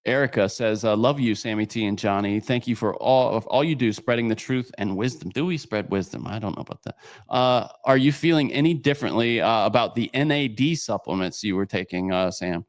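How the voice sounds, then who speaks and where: A man's voice: on the low side, a little fast, no echo, studio quality. A man co-hosting a casual podcast, reading viewer comments aloud in a rambling way with many fillers. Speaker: podcast co-host reading super chats.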